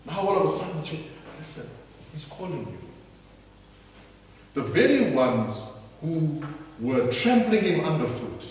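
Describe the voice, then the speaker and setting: A male preacher giving an emphatic, dramatic sermon that acts out the people in a story. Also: on the high side. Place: large church hall. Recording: echoey church hall heard from far off.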